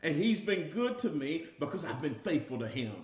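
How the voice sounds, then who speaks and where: A man's voice: fairly high pitch, sing-song, normal speed, a little mellow. A man teaching a Bible study as a sermon, preaching emphatically, repeating his phrases and calling listeners y'all. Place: church room. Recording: echoey, dull lo-fi church recording.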